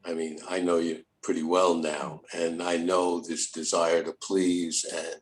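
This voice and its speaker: Low-voiced older man, rambling podcast talk. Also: little pitch movement, a little slow, rough recording. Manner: rambling, repeats words, folksy. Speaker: host, therapist. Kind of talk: casual podcast chat.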